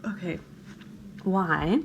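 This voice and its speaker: A woman's voice: fairly low pitch, extremely slow, dull audio, a little hiss or hum. A woman teacher talking through a chemistry problem in a recorded screencast lecture, often checking in with her students. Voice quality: morning voice, a bit gravelly.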